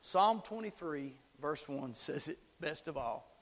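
A man preaching a sermon in a church with a long, echoing reverb. His voice sits high, and he moves from soft whispers to big, climbing shouts, pausing to have the congregation say the words back to him. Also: expressive. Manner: dynamic preaching, drops to whispers and builds to shouts; asks the congregation to repeat after him. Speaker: pastor. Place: church sanctuary.

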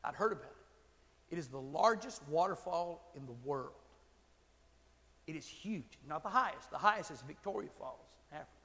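A man preaching a sermon, telling a story with animated delivery that swells into shouted emphasis. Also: a little high, moderate pace. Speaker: pastor. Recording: long hall reverb.

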